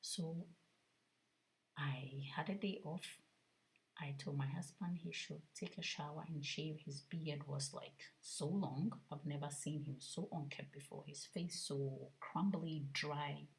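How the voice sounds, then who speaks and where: Soft-spoken low-voiced woman. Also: steady tone, slow pace, gravelly, rough recording. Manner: soft-spoken, often half-whispered; earnest, reflective. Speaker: vlogger. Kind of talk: personal spiritual testimony.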